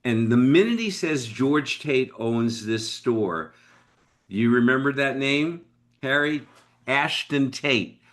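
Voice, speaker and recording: Animated older male business storyteller. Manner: animated storyteller with big pitch swings. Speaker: guest, business leader. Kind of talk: storytelling interview.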